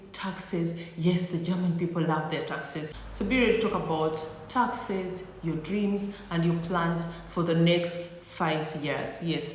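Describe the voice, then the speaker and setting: A woman's voice: on the low side, slight background noise. A woman vlogger giving comedic advice to camera in a sassy, teasing, playfully exaggerated way. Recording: echoey room with long reverb.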